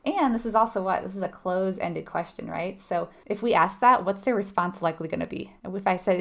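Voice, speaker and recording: Female exam tutor, gravelly edge, chatty, quizzes her class as she goes. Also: medium pitch, fast, hardly any pauses. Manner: conversational, asks the audience questions, laughs lightly. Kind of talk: live online teaching.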